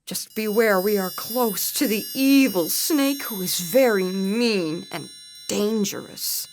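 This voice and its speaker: A woman voicing a kindly grasshopper in a spoken storybook, in a gentle, plain tone. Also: slow, a little hiss or hum. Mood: warning. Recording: voice over loud bassoon and percussion music.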